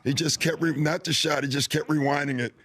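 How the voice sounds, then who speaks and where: A former basketball player telling animated, chuckling stories in a casual sit-down interview. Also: male voice, on the high side, a little fast.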